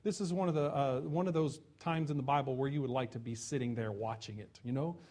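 A man preaching a sermon, retelling a scripture story with lively storytelling and acted-out shouts. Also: medium pitch, a little fast. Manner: lively storytelling, acting out voices and taunts.

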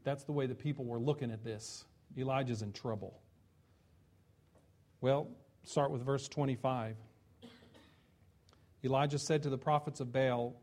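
A man preaching a sermon, retelling a scripture story with lively storytelling and acted-out shouts. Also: on the high side, moderate pace. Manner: lively storytelling, acting out voices and taunts.

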